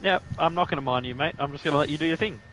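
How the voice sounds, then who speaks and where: A man's voice: on the high side, rapid-fire, fairly bright tone, slight background noise, rough recording. A man hosting a live sim racing stream, commentating the race with joking banter that picks up when the action heats up.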